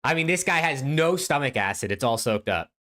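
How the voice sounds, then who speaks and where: A young man hosting a live podcast stream, bantering casually, incredulous and animated, swearing freely. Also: medium pitch, a little fast. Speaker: podcast host.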